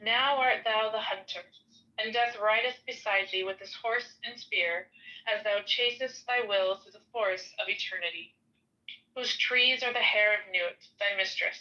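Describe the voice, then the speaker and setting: Woman reading aloud, solemn, slow, bright-toned, dull lo-fi sound. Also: mid-range voice. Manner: slow solemn recitation with stumbles over names. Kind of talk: reading a ritual text aloud.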